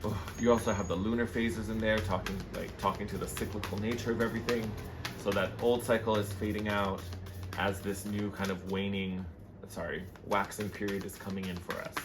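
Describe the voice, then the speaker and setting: A man doing a casual tarot reading to camera, gushing and excitable about each card. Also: on the low side, a little fast, music in the background. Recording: noisy background hiss.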